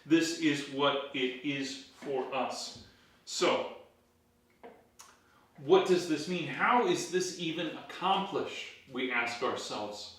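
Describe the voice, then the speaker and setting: A man's voice: on the high side, expressive, slow pace, a bit bright. A man, a pastor leading a Bible study in a church, teaching emphatically and asking his listeners rhetorical questions. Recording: very echoey room, voice far from the mic.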